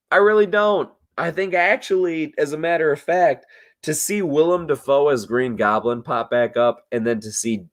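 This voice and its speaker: Tipsy man chatting loosely with viewers. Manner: loose, swearing, swings between low mutters and excited outbursts. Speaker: livestream host reading chat. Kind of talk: casual after-show chat.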